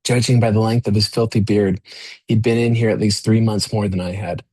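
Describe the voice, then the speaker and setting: A man with a fairly low voice reads from his own novel in a steady, measured way. The sound is dry and close. When he stops reading to talk, he stumbles a little and leans on fillers. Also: dry recording. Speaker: author. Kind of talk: reading his own novel aloud, then casual remarks.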